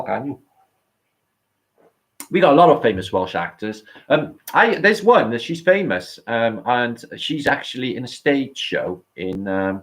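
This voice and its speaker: A British man chatting casually as a podcast host, rambling, swearing and laughing as he reminisces. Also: fairly low pitch. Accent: British English. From Britain. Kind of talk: casual chat.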